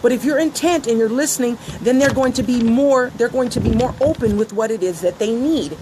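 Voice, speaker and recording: Over a noisy background, a woman talks fairly quickly at a fairly high pitch. She's a business coach giving a sincere motivational lesson on business and listening, performing the exchanges she recounts.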